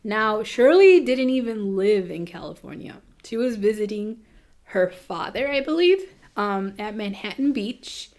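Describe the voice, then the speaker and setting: A woman walks through a grim case in loose, conversational storytelling. She talks in an easy, even voice, throwing in quick asides and restarts as she goes. She sounds like a podcast host chatting with a friend. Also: medium pitch. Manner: chatty, fast asides with nervous laughs. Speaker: true crime podcast host. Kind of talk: casual storytelling.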